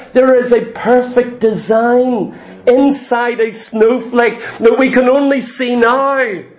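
High-pitched man preaching emphatically. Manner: emphatic, repetitive rhetorical questions. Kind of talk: sermon.

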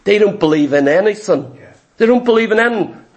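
A preacher with a strikingly high-pitched voice delivers a sermon. He speaks emphatically, repeats key phrases and throws rhetorical questions at his listeners. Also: lively intonation, brisk.

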